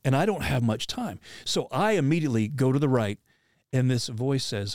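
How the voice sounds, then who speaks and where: A man telling a personal hunting story in a casual, animated way, often restarting and acting out quotes. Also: medium pitch, normal speed, no echo, clean studio sound.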